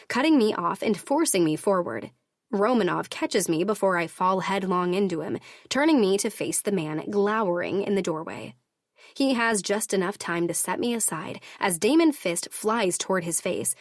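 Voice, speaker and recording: A woman's voice: mid-range voice, dry recording. Woman narrating a romance audiobook, dry. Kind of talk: scripted first-person narration.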